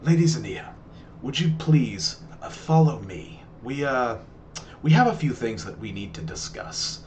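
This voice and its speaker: Polite, formal royal prince, voiced by the game master; unhurried courtly manners. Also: male voice, mid-range voice, expressive, a little mellow, a little hiss or hum, lightly acted.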